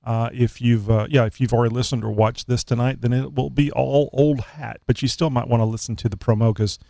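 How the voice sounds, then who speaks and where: A man co-hosting a live talk show, joking and rambling in casual chat with frequent pauses and fillers. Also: mid-range voice, steady tone, creaky, dark tone, no room sound. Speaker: co-host.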